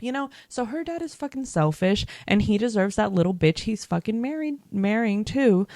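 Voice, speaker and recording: A woman's voice: mid-range voice, no room sound, clean studio sound. A young woman vlogger chatting casually about a TV series, emphatic and full of "like" and swearing. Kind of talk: casual reaction chat.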